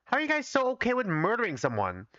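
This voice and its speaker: A man's voice: sits high, wildly swooping pitch, fast, bright, forceful tone, no echo, lo-fi sound, voice pushed up, exaggerated voice. A man voicing a timid young female doctor who pleads and objects anxiously. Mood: upset.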